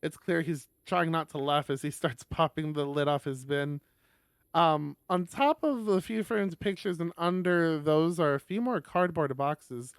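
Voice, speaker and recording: A man's voice: a little high, a little slow, smooth, no echo, studio quality. A young man streaming, reading a visual novel aloud with laughing, rambling asides.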